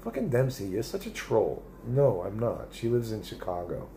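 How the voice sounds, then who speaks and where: A man's voice: lowish voice, huge pitch swings, moderate pace, mellow, a little hiss or hum. A middle-aged man live streaming, rambling and swearing in casual chat as he reads viewer comments aloud. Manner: rambling and profane, with many restarts.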